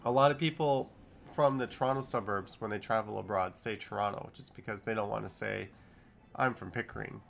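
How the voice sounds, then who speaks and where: A man's voice: on the low side, steady tone, fairly quick, vocal fry, a little hiss or hum. A man in his thirties hosting a casual livestream, reading viewers' comments aloud and riffing on them. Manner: chatty, reads chat comments aloud and riffs on them. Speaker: streamer reading live chat.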